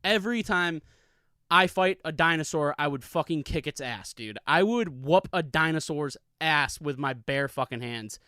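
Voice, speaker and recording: A man's voice: fairly high pitch, animated, normal speed, sharp tone, clear, resonant tone, no echo. A man hosting a solo comedy podcast, telling a rambling, profane, hyped-up story into a studio mic. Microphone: studio mic with pop filter.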